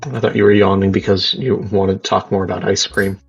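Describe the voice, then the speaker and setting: A man with a low voice casually commentates a speedrun race, cracking jokes and explaining tricks. His mic sounds muffled and lo-fi, and faint music plays beneath him. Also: level tone, a little fast, breathy edge. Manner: joking, explanatory.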